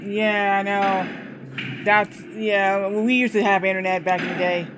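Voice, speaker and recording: A man's voice: high voice, little pitch movement, unhurried, noisy background. A man livestreaming a game, chatting casually and rambling through a story with many restarts. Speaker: streamer. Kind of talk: casual livestream chat while gaming.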